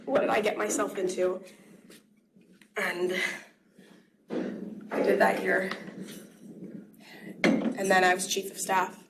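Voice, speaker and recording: A woman's voice: medium pitch, creaky. Tearful young woman giving a farewell speech. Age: young adult. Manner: tearful, laughing, heartfelt. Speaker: student government vice president. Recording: noisy room recording.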